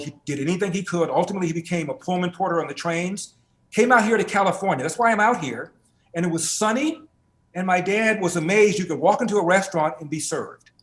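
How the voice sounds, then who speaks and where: Interviewed as a guest author, a man tells a family story animatedly and emphatically, building it up through repetition. His voice is high-pitched, and the room is echoey.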